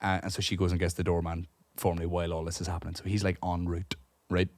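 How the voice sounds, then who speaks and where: Irish podcast co-host, young adult male, lowish register, casual and profane, tangents everywhere. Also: fast talker, no room sound. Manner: animated, profane anecdote telling with many asides. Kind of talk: casual storytelling chat. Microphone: podcast studio microphone.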